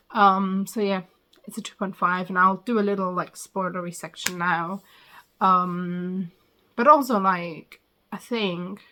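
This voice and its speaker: A woman's voice: mid-range voice, fairly bright tone. A woman talking casually to camera as she reviews a book, her speech full of ums and likes. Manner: chatty, frequent ums and likes.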